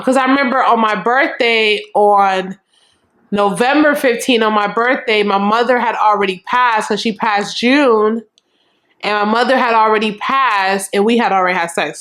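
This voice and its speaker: A young adult woman vlogger telling a storytime in a frank, animated and profane way, acting out what people said. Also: medium pitch. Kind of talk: casual storytime.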